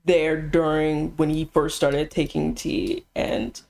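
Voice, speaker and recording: A woman's voice: low-pitched, flat delivery, slow pace, gravelly, darkish tone. A woman chatting casually on a live stream, teasing her co-host bluntly and laughing often.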